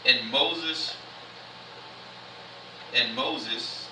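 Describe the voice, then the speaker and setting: A man giving a casual sermon in church, reading scripture slowly and then explaining it in loose everyday slang. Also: medium pitch, far from the mic, noisy background. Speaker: church speaker. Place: church sanctuary. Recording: echoey church room, mic from afar.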